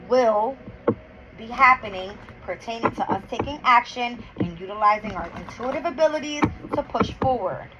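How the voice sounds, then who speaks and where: A woman doing a casual tarot and astrology reading, counting cards aloud and getting heated, blunt and full of swearing. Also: a little high. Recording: dull lo-fi with clear background noise.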